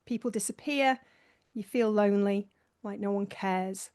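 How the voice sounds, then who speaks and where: A woman's voice: medium pitch, normal speed, a little mellow. A woman hosting a live online session, talking casually through her slides in a chatty, self-mocking way and laughing often. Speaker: host presenting a slideshow.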